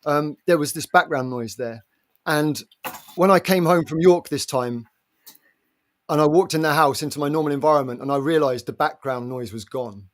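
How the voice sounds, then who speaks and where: A man, chatting on a video call. He gets excited and stumbles through restarts, swearing casually as he goes. His voice sits slightly high for a man. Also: normal speed. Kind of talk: casual chat.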